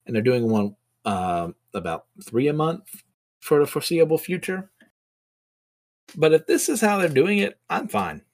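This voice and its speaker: A man's voice: fairly high pitch, very animated, unhurried, darkish tone. A man hosting a casual comic recap show, chatty and self-deprecating, with many fillers. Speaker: comic book podcast host.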